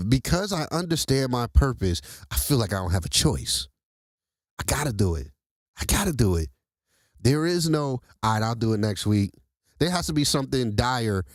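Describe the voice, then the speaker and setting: A man hosting a casual motivational talk, who speaks straight to his listeners in a lively, preachy way. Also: mid-range voice, dry recording. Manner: animated, preachy, addresses listeners directly as y'all. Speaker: host.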